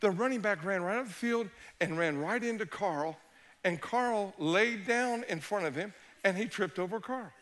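A middle-aged man, a pastor, telling a story in a sermon, animated and swinging between hushed and shouting. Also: sits high, moderate pace, a little hiss or hum.

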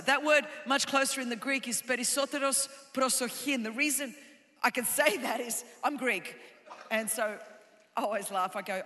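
Woman pastor, emphatic sermon delivery building to shouts, long hall reverb. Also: fairly high pitch, fairly quick. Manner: emphatic, rhythmic repetitions, rising to shouts. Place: large hall with live congregation.

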